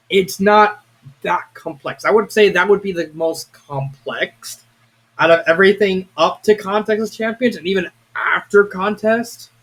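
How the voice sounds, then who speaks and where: A young man giving a casual, rambling video review of a fan story, excitable and prone to restarts. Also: high voice. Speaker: fanfiction reviewer.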